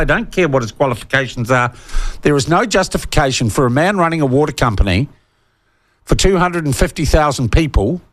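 A man's voice: medium pitch, no room sound. A man with a New Zealand accent hosting talkback radio, blunt and combative, hammering his points with repetition. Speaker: talk radio host.

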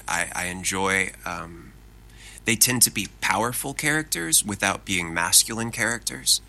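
A man, a voice actor chatting casually as an interview guest, animated and self-deprecating. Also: low-pitched, a little slow, low-quality recording.

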